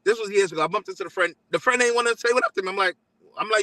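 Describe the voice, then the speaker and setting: New man, guest father; quick, bright, animated storyteller, voices the other parties himself. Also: sits high, no echo, rough recording. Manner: animated, acts out both sides of texts and talks. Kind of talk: casual storytelling.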